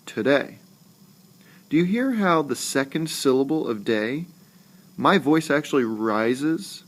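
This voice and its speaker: A man teaching a recorded lesson, talking slowly and deliberately and saying example words aloud more than once. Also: medium pitch. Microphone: screencast voice-over.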